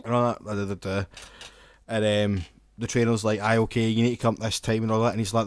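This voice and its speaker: A man's voice: lowish voice, level tone, fast talker, dry recording. A man co-hosting a podcast, telling sweary stories in casual chat. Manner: sweary storyteller who laughs at his own stories. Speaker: podcast co-host.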